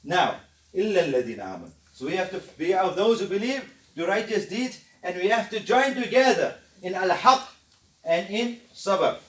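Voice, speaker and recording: Middle-aged man, quick and high-pitched, teaching with fervent emphasis; echoey room, distant mic. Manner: emphatic, excitable, alternates Arabic recitation with explanation. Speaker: Quran study teacher. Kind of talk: explanatory religious lesson.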